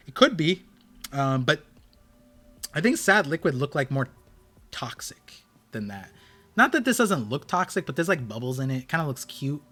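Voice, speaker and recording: Bright-voiced man rambling on a stream. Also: on the high side. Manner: rambling storytelling with many restarts. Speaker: streamer host. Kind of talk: casual live-stream chat.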